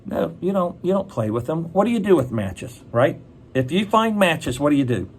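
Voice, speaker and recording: A man with a slightly high voice reads a picture book to a group of children. He keeps it chatty, stopping to ask them questions and answer them. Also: sing-song, moderate pace, slight background noise.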